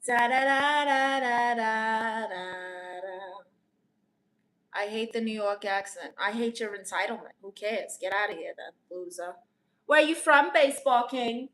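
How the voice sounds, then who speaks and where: A woman's voice: mid-range voice, moderate pace, fairly bright tone, lightly acted. A woman playing a brash, teasing aunt who calls herself a therapist, chatting with her audience and calling them honey. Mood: sassy. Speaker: live-stream comedian answering chat. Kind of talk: improvised live-stream character comedy.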